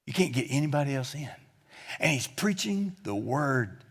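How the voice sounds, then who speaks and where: A man preaching a sermon as a guest preacher, retelling Scripture in a lively, joking, conversational way as he walks around. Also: mid-range voice, moderate pace. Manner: reads the Scripture aloud and then retells it in plain talk; gets the congregation to respond together.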